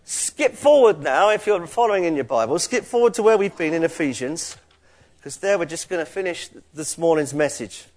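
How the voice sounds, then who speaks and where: A man leads his congregation through a sermon in a slightly raised pitch. He talks conversationally, as if chatting with the room, then lifts his voice to press a point home. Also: expressive, moderate pace, a little mellow. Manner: conversational preaching, rises in emphasis. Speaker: pastor.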